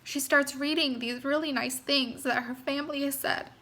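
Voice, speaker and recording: A woman's voice: high-pitched, steady tone, normal speed, pushed and bright. A young woman giving an earnest, encouraging motivational talk to her sales team, speaking straight to her listeners. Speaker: network marketing team leader.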